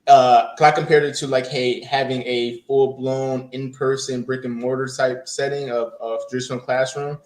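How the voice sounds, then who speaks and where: A man's voice: medium pitch, flat delivery, moderate pace, few pauses, darkish tone. Hesitant man on an echoey call. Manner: hesitant, many fillers and restarts. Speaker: bootcamp graduate guest. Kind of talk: casual interview over video call. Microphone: video call.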